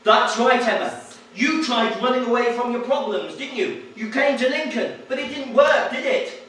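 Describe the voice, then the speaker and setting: Bob, a brash male game show host in an improvised stage play, talks down to a contestant in a showy, bossy, patronizing manner with a bright, very high-pitched voice at a moderate pace. He's captured from far off on an echoey theatre stage, with faint music and a little background noise.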